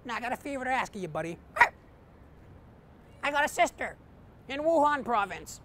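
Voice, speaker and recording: Comic putting on a talking dog, high and wheedling, lively pitch, faint hiss behind. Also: male voice, normal speed, heavily acted. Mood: pleading. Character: gruff male talking dog, pleading.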